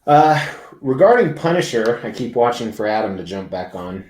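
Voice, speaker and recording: A man's voice: medium pitch, very animated, moderate pace, a little mellow, roomy sound. A man hosting a live stream, chatting casually and rambling, swearing freely as he talks to viewers. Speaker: livestream host. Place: large indoor convention venue.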